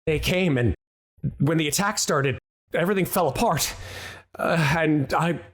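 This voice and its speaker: A man doing a frightened young soldier in a tabletop game, with a voice pushed higher than his own. He stammers, trips over his words and repeats himself in nervous bursts. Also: measured pace, lightly acted. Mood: shaken. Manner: stammering, panicky repetition. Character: terrified young male guard, shaken and stammering.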